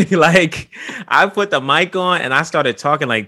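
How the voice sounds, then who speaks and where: Man, podcast host, bright voice, candid, animated, swears in casual chat. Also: on the high side, measured pace. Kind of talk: casual conversation.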